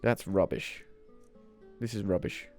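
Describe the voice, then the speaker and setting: A man's voice: low voice, unhurried, creaky, darkish tone, faint music behind. A man streaming a game, casually commenting, thinking aloud and swearing now and then.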